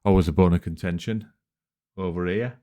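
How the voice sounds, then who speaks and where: A man's voice: low-pitched, fairly even intonation, moderate pace, warm tone. A man hosting a reaction video, chatting casually and rambling with lots of ums. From England. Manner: laid-back, rambling with many ums. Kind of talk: casual chat.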